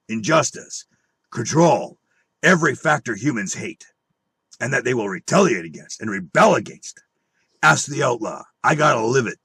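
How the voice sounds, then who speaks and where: A man's voice: mid-range voice, pushed and bright, breathy edge, dry recording. A man on an angry monologue full of swearing and rhetorical questions. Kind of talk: angry profane rant.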